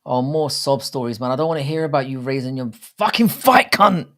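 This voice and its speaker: Hosting a watchalong stream, a thirty-something man speaks in an animated, slightly bright mid-range voice at a somewhat quick pace. His commentary to chat is casual, rambling, blunt, and profane.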